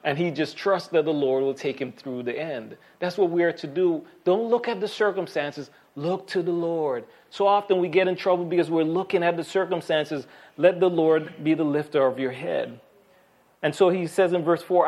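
Male pastor, earnest sermon delivery, slightly high voice, hushed asides. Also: moderate pace. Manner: earnest preaching with fillers and quoted scripture; drops to a soft hush on key points.

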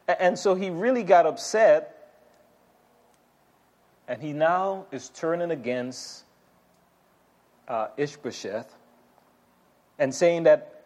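Man preaching, casual sermon teaching, fairly high voice, chatty asides, repeats words. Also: slow pace, long pauses, darkish tone. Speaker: pastor.

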